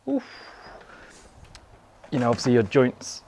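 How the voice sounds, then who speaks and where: With wildly swooping pitch in a mid-range, darkish voice, this young man speaks unhurriedly over slight background noise. As a fitness vlogger in a garden, he chats casually and rambles to the camera, leaning on "you know" a lot.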